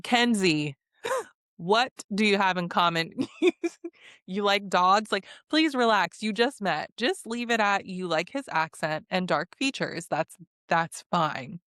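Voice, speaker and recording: A woman's voice: medium pitch, lively intonation, slow pace, a bit bright, no echo, clean studio sound. A young woman hosting a casual, sarcastic recap vlog, chatting and laughing often. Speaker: recap host.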